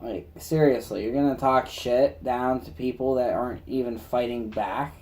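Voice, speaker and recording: A man's voice: mid-range voice, steady tone, normal speed, darkish tone, slight background noise. A man co-hosting a casual chat in a put-on Southern drawl, swearing and joking crudely. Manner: crude, profane banter. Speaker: co-host.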